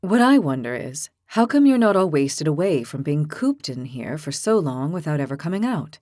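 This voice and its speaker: A woman voicing a calm, philosophical young man with an ox's head, who speaks patiently and reasons things out. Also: deep voice, moderate pace, no room sound, studio quality, voice pushed down. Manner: patient, reasoning, gently teasing.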